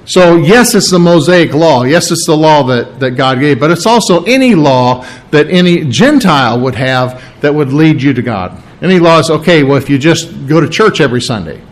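A man's voice: on the high side, expressive, normal speed, hardly any pauses, rough recording. A man preaching an expository sermon, earnest and emphatic, often repeating key phrases and restarting his sentences. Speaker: pastor.

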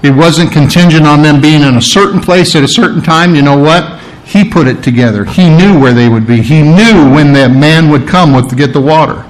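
A man's voice: on the high side, moderate pace, poor audio. A man preaching a sermon as pastor, in a conversational way, often repeating phrases and putting questions to the congregation.

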